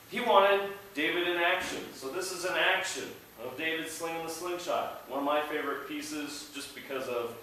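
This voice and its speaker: A man teaching an art class, playful, shouting mnemonic chants with his students. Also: mid-range voice, a little hiss or hum. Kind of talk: classroom lecture. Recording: echoey classroom from a distance.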